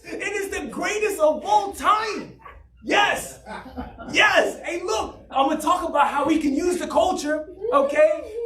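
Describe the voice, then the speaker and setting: A man preaching in a church, with a high, lively voice that often rises to a shout. His sermon rings around a roomy, echoey hall, and he sounds a little distant from the mic. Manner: emphatic, often shouting, plays with pitch; mocks a flat monotone preacher for effect. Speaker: pastor. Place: church sanctuary.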